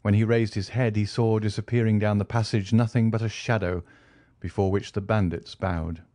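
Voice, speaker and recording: A man narrating a classic novel as an audiobook in a steady storytelling manner. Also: on the low side, normal speed, dry recording. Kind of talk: scripted narration.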